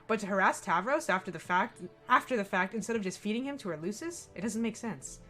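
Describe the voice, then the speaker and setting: A woman streaming a game, reading its narration aloud with animated, laughing asides. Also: medium pitch, fast, faint music behind. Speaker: let's play streamer. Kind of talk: reading a visual novel aloud with commentary.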